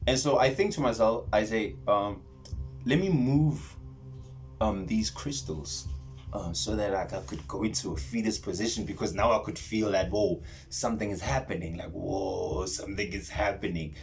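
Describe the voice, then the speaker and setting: A South African man telling a personal story in casual vlogger talk, rambling and animated, dropping to whispers and repeating himself as he goes. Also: lowish voice, moderate pace, creaky, faint music behind. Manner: rambling, animated retelling with whispered asides and many restarts. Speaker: spiritual vlogger.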